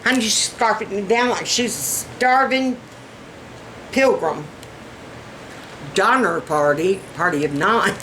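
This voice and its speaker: A woman's voice: mid-range voice, animated, slow pace, long pauses, a bit bright, slight background noise, poor audio. A woman with a Southern US accent chatting to camera in a folksy, exclaiming way as a vlogger. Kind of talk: casual chat to camera.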